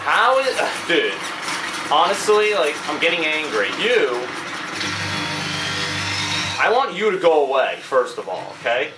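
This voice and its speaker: A man giving live game commentary, his fairly high voice leaping up and down as he vents his frustration and curses at what is on screen. The room sounds echoey, and loud game noise plays under everything he says. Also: big pitch swings, measured pace, long pauses. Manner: exasperated ranting, swearing. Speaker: gamer doing live commentary.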